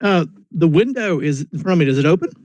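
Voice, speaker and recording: A man playing a tabletop game online, brisk and matter-of-fact, on a computer mic. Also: fairly high pitch, expressive, darkish tone, no echo. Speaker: player. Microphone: computer mic on an online call.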